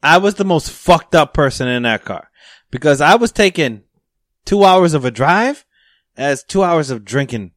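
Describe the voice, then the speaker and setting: A man's voice: fairly high pitch, animated, normal speed, a bit bright, no room sound, clean studio sound. A young adult man telling a story in casual, profane podcast talk. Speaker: podcast host.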